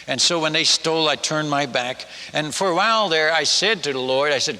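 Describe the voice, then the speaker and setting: A male preacher tells a sermon story in an animated, self-mocking way, often stumbling and starting over. His voice is very bright and cutting. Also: on the high side, quick pace, hardly any pauses, long reverb tail. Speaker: missionary preacher.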